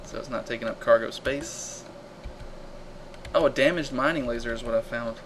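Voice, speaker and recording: Man, live-stream gamer, excitable, casual commentary, mid pitch, faint background hiss. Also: moderate pace, poor audio. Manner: excitable, reacting loudly to combat and reading chat aloud. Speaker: live-stream game host.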